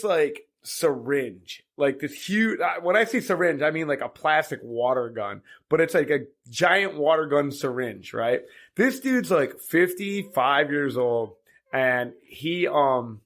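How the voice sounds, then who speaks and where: A man's voice: on the high side, expressive, unhurried, a bit bright. A man who hosts a podcast and runs boat charters, telling stories in a rambling, filler-heavy way and laughing along. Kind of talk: casual anecdotal storytelling.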